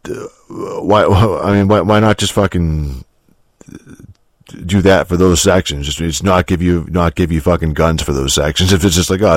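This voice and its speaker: A man's voice: a bass voice, no room sound, clean studio sound. A man casually reviewing a video game. He rambles, swears constantly, restarts his sentences and chuckles often.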